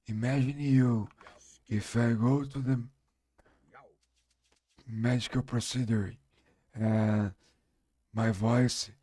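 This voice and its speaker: A man from Brazil with a Brazilian Portuguese accent and a strong voice, chatting on his live stream in halting English as a non-native speaker. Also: medium pitch, fairly even intonation, mellow, no room sound. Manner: halting, searching for English words. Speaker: game streamer. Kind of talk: casual live-stream chat.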